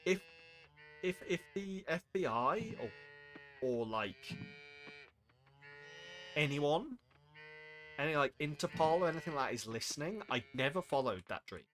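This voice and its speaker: A man's voice: fairly high pitch, big pitch swings, a little slow, long pauses, a bit bright, a little hiss or hum. A man streaming a game with casual, rambling commentary, self-mocking and full of asides.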